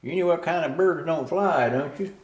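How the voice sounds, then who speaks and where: A chirpy, teasing landlady with a high, bright voice that is plainly a put-on, as a man storyteller takes her part. The sound is roomy and echoing. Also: moderate pace, natural voice. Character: teasing woman landlady, amused. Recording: roomy echo.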